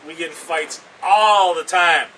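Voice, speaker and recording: A boastful man delivers a wrestling promo interview with a high, piercing, tense voice. He trash-talks with swagger. The mic sits some way off, with a faint hiss behind him. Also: a little slow, pushed and bright. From Canada. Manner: cocky, boastful, trash-talking. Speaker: pro wrestler. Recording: distant mic with background noise.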